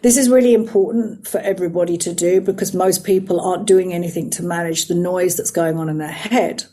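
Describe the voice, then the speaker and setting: A middle-aged woman, a psychotherapist and life coach, talking earnestly and slowing down to stress her words. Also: fairly low pitch, fairly even intonation, dark tone. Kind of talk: reflective coaching talk.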